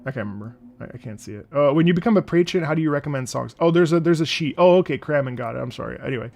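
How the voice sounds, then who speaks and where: Gravelly-voiced man chatting on stream. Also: fairly high pitch, animated, rapid-fire, darkish tone. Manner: rambling, laughing, swears freely. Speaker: streamer reacting to music. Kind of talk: casual live-stream chat.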